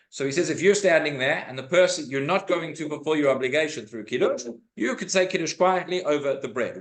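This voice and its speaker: A rabbi giving an informal class in a synagogue, explaining texts and reading Hebrew quotations aloud. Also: male voice, a little high, fairly bright tone. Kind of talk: informal Torah class lecture.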